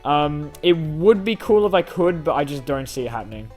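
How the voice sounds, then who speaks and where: A man's voice: a little high, big pitch swings, moderate pace, darkish tone, soft background music. A young man hosting a casual fan Q&A, reading questions aloud and answering in a rambling, self-deprecating way. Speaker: YouTube channel host answering fan questions.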